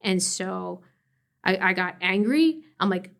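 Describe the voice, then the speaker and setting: An animated woman speaking as a law professor in a conversational interview. Her voice sits at an ordinary middle pitch, and she laughs often between thoughts. She breaks off and restarts her sentences as she thinks aloud. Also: slow pace, gravelly. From family from West Virginia. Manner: animated, laughs often, frequent fillers and self-corrections.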